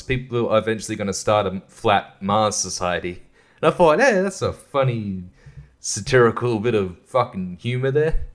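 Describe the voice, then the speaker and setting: A man hosting his own podcast in casual solo chat, rambling, swearing freely and laughing often. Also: on the low side. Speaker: podcast host.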